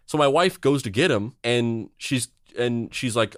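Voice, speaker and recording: A man's voice: medium pitch, normal speed, no room sound, studio quality. A man in his thirties, a podcast co-host, telling a story in a rambling, conversational way with a sardonic, blunt edge. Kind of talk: casual chat.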